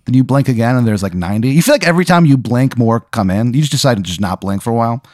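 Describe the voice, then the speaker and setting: A young man improvising an absurd story in a rambling, deadpan way full of fillers. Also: medium pitch, racing, no echo, studio quality. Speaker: podcast co-host telling a story.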